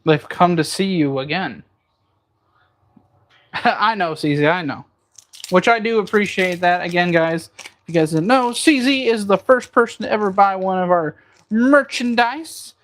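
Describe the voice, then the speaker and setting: A man's voice: high-pitched, normal speed, a bit bright. A man hosting a casual livestream from his kitchen, cooking as he talks and joking through viewer comments. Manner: jokey banter, reading viewer comments aloud. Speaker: livestream host.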